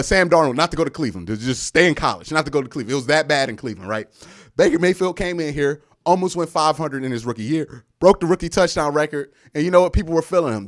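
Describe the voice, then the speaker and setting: A young man hosting a live sports stream, boasting and trash-talking the rival team while he thanks viewers for their messages. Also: a little high. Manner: boastful trash talk with shouts and laughs, reads out viewer messages. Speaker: sports show host.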